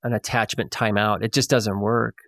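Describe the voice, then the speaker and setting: A man's voice: on the low side, level tone, normal speed, fairly bright tone, no echo. Affirming man hosting, dry close sound. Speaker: podcast host. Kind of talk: casual interview conversation.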